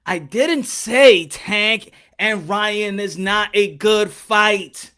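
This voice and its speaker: A bright, forceful male voice delivering a boxing opinion rant. He talks in an unhurried way, hammers the same point over and over, and stretches key words out slowly to make them land. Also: high voice, clear, resonant tone. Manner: emphatic, repeats points, drags words out for stress. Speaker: boxing commentary host.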